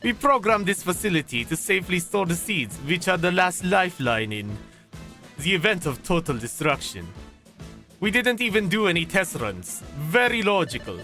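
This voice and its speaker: A man reading the lines of a polite, glitchy robotic vault management system in a formal, measured way. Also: high voice, big pitch swings, pushed and bright, soft background music, full character voice.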